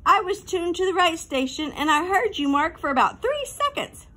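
A woman's voice: very high voice, big pitch swings, normal speed, sharp tone, voice pushed up, heavily acted. A woman doing an exasperated schoolteacher.

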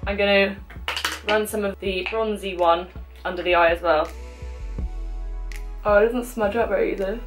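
A woman's voice: medium pitch, fairly even intonation, normal speed, long pauses, music in the background. A woman in her twenties chatting casually through a makeup tutorial, self-mocking and talking as she applies products at home. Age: 20s. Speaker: beauty vlogger.

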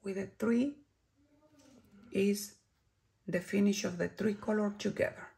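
Slow gravelly Chilean-accented woman. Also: medium pitch, fairly even intonation. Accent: Chilean Spanish. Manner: slow, lingering, drops to soft whispers when admiring products. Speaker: beauty vlogger. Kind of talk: product review and tutorial.

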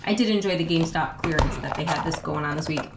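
Brief: woman co-host, casual unboxing chat, wry, roomy sound with clear background noise. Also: low voice, fast. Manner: chatty, mildly wry, trails off. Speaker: toy review co-host.

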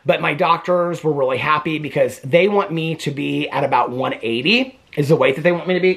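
A man's voice: fairly high pitch, brisk, vocal fry, few pauses, a bit bright. A man vlogging from his bedroom at home, chatting casually and rambling, often correcting himself and laughing between words. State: out of breath. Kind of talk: casual chat to camera.

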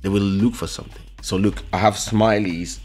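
Low-voiced man hosting a ranting chat. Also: moderate pace, soft background music. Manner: animated, ranting. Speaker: host. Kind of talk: casual livestream chat. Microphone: studio microphone.

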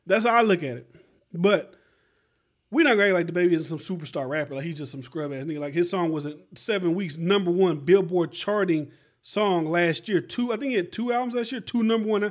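A man with a fairly high voice talks through his podcast commentary. He rambles along loosely, filling his talk with "like" and "right?" and keeping it animated and conversational. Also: brisk. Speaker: podcast host. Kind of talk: casual commentary.

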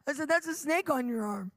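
A middle-aged woman preaching live with animated storytelling, laughing often and acting out the people in her stories. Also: sits high, no room sound.

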